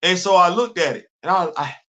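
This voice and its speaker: Animated high-voiced man chatting solo. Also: a little fast. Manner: animated, repeats himself, self-questioning asides. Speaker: host. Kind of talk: casual solo livestream chat. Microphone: livestream studio setup.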